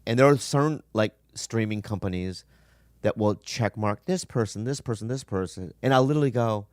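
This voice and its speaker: A man's voice: fairly low pitch, moderate pace, darkish tone, no room sound, studio quality. A man in casual podcast conversation, talking in a passionate, emphatic way with lots of swearing.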